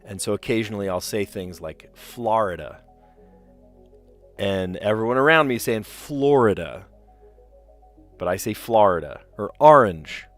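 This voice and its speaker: A man with a somewhat low voice and a light New Jersey accent hosts a casual live stream as he works through word puzzles. He rambles in a chatty, easygoing way and laughs often, with faint music in the background. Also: brisk, hardly any pauses, a bit bright.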